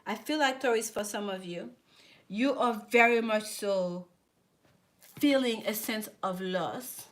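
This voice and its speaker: A woman's voice: medium pitch, takes it slowly. A woman giving a live tarot reading, chatting with viewers and often repeating herself. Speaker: tarot reader.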